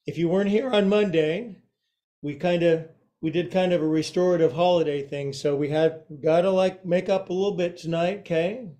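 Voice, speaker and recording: A man's voice: sits high, fairly even intonation, normal speed, warm tone. A man teaching a yoga class and guiding poses with a playful, joking manner.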